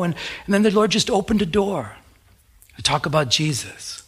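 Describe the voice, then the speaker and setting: A middle-aged pastor preaches with a slightly high voice. He tells stories in a loose, animated way and often restarts his sentences. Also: normal speed, breathy edge. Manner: conversational, animated storytelling with many restarts. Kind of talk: sermon with personal story.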